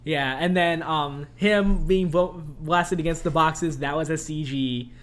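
A young man co-hosting a podcast, chatting casually about a movie, animated and laughing often. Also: fairly high pitch, unhurried. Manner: animated, laughs often, quotes lines in funny voices. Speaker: podcast co-host. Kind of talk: casual movie review chat.

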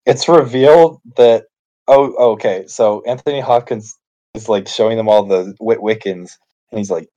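A man with a fairly low, mellow voice chats about a film in an easy, relaxed way. He keeps dropping bits of trivia into the talk. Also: moderate pace, muffled recording. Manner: relaxed, chatty, adds trivia. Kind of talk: casual movie discussion.

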